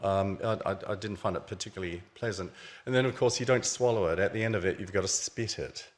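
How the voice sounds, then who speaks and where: A deep-voiced man speaks fast while presenting his new book at a museum event space. His illustrated lecture explains the objects shown on his slides in a relaxed, chatty style.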